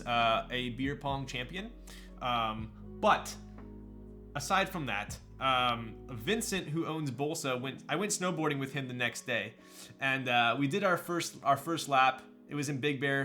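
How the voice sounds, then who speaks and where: A man's voice: a little high, bright, forceful tone. A man chatting casually on a live stream, hyped up, thanking viewers and laughing often while building a keyboard.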